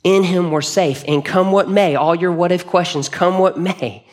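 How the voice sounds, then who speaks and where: Male pastor, sermon delivery, earnest and conversational, slightly higher voice. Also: moderate pace. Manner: conversational, earnest, with frequent restarts. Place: church hall.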